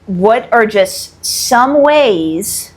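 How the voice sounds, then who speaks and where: A woman's voice: a little high, expressive, very slow. A woman hosting a podcast, asking teasing, curious questions in casual chat. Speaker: podcast host.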